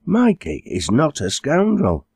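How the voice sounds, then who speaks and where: A man's voice: on the low side, sing-song, a little mellow, slightly rough, dry recording, clean studio sound, voice pushed up, full character voice. A man doing a cheeky teenage farm girl. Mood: teasing. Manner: cheeky, quick-witted.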